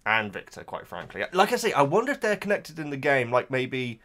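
A man's voice: mid-range voice, wildly swooping pitch, brisk, fairly bright tone. A man hosting a reaction channel, talking in a casual, emotional and rambling way with lots of restarts.

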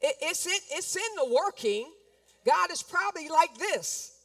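A woman's voice: extremely high pitch, animated, measured pace, a bit bright, dry recording. A woman pastor preaching a sermon, emphatic and repetitive, sometimes acting out complaints in quoted voices. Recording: speaking from a distance from the mic.

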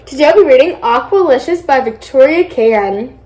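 Young woman, children's read-aloud, high voice, lively, echoey room. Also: moderate pace. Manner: lively, voices characters with excited high exclamations. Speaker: storybook reader.

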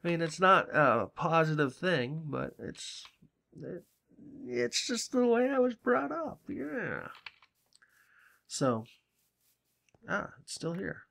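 This gaming channel host from Salem, Massachusetts has a slightly high, fairly bright voice with big swings in pitch and some vocal fry. He takes his time, leaving long pauses as he rambles, chats casually, and swears freely while commenting on his game.

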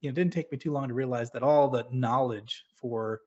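Middle-aged guy from new england, mid pitch, earnest storytelling on a podcast, slightly muffled audio. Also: fairly quick, a little mellow. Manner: earnest, storytelling, frequent restarts. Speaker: podcast guest, former submarine officer. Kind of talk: casual podcast interview. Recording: lo-fi dull audio.

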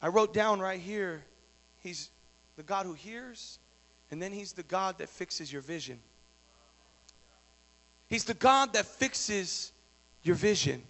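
A male preacher delivering a sermon, moving from quiet storytelling to shouted exhortation. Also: high voice, animated, slow, pauses often, long reverb tail. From Texas.

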